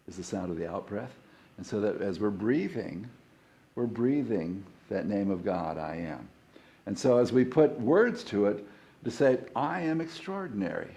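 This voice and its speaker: Middle-aged male minister, warm mellow tone, relaxed conversational sermon, leads call-and-response. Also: on the low side. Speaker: guest minister.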